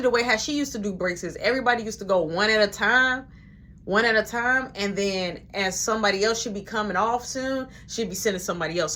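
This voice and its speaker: A man's voice: high voice, a little hiss or hum. A man casually telling a story about a shift at work, animatedly acting out everyone's lines. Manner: animated, acts out dialogue, quick quoting.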